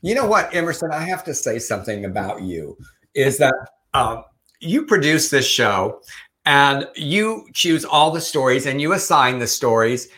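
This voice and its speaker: A man's voice: mid-range voice, sing-song, normal speed, bright, forceful tone. An older man, co-hosting a casual news chat show and reading quotes in a mocking tone. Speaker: podcast co-host.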